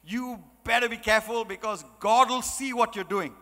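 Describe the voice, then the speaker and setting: A man's voice: extremely high pitch, normal speed, bright, forceful tone. A man quoting his devout mother as she earnestly insists to her son, in a talk recorded in a reverberant hall. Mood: insistent.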